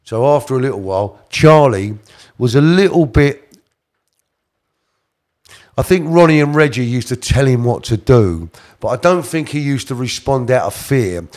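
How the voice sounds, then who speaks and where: Expressive and medium in pitch, with a darkish tone, a middle-aged man speaks at a moderate pace. He's an interview guest telling a casual, rambling story, correcting himself and voicing the people he quotes.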